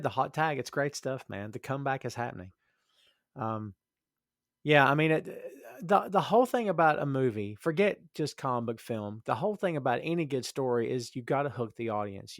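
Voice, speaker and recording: A man's voice: medium pitch, dry recording, clean studio sound. A man cohosting a casual podcast, agreeable and chatty, often saying "man" and "dude".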